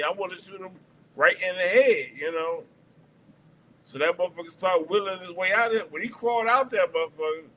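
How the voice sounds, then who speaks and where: A man's voice: high-pitched, sharp tone, a little hiss or hum, low-quality recording. A man hosting a livestream, telling a long profane story in a rambling, casual way with lots of restarts. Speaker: stream host.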